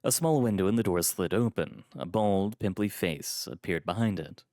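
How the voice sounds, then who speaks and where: A man reading a first-person story aloud in a calm, measured storytelling manner. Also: deep voice, dry recording, studio quality. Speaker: story reader.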